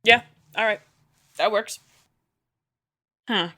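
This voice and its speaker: A woman's voice: mid-range voice, lively intonation, normal speed, pushed and bright. A woman playing in a tabletop game, chatting casually in an easygoing way. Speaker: player.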